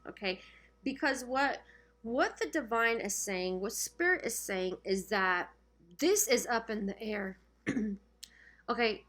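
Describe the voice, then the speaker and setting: A woman in the middle of a relaxed tarot reading, talking straight to her viewers at a middle pitch. She keeps checking in with them as she goes, and her voice sounds a little strained and worn. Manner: chatty, keeps checking in with "okay?". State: losing her voice. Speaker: tarot reader. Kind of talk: casual spiritual reading to camera.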